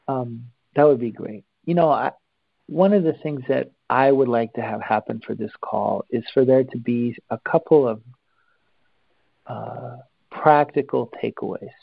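A man guiding listeners through a breathing exercise, calm and instructive, with long pauses. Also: medium pitch, vocal fry, no echo, lo-fi sound. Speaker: breathing teacher.

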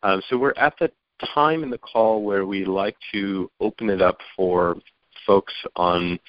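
Man, low voice, call host, easygoing, many fillers, dry lo-fi line. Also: unhurried, no room sound. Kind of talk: hosting a conference call. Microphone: phone or conference call.

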